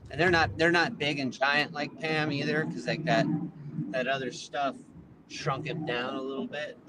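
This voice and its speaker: A man's voice: medium pitch, steady tone, normal speed, heavy background noise. A man guest on a phone call from his car while driving, chatting loosely about plants with lots of filler words. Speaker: seed breeder guest. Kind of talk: casual interview chat.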